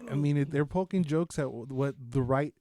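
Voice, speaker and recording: A podcast co-host chats casually about shows he's watched, rambling, profane and self-mocking. His mid-range, dark-toned voice runs at normal speed, and the recording is dry and studio quality.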